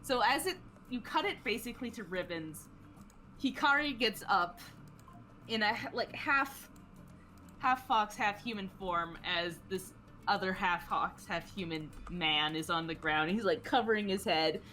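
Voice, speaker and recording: A woman game master narrating a tabletop game in a relaxed, giggly way with lots of fillers. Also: mid-range voice, a little slow, slight background noise.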